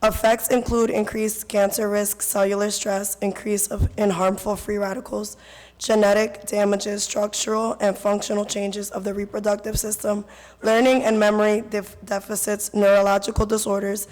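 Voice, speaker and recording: A hoarse woman who has lost her voice, earnestly reading statistics as a public commenter at a council meeting. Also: medium pitch, darkish tone. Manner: earnest, reads statistics, repeats her concerns. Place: council chamber. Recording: reverberant council chamber.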